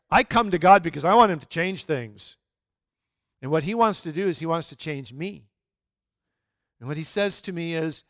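A man's voice: high voice, dry recording, clean studio sound. A man pastor preaching a sermon in a conversational way, asking his listeners rhetorical questions and restarting his sentences often.

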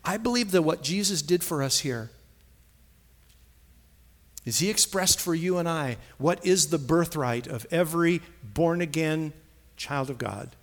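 A man's voice: fairly high pitch, lively intonation, slow. A man preaching a sermon, stressing key phrases and repeating lines for emphasis. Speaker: pastor.

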